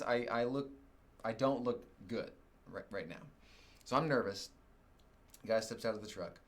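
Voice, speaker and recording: A middle-aged man from Oklahoma preaching, telling a personal story with animated swings and leaps up in pitch when exasperated. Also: slight background noise. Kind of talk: sermon storytelling.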